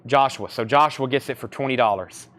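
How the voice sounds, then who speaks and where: A man's voice: medium pitch, fairly quick, fairly bright tone. Southern man calling out record prices. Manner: rattles off titles and prices, repeats them. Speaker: live record sale host. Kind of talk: live-stream sales patter. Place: record shop surrounded by crates.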